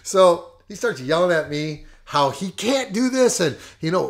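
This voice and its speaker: A man hosting a podcast, telling a coaching story in a lively, emphatic way and laughing often. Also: fairly high pitch, fairly quick, hardly any pauses. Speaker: podcast host and fitness coach. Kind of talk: casual storytelling.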